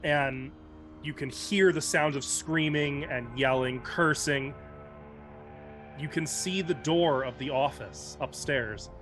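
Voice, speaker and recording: Man narrating a dark tabletop scene. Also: a little high, soft background music. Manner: measured, descriptive storytelling. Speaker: game master.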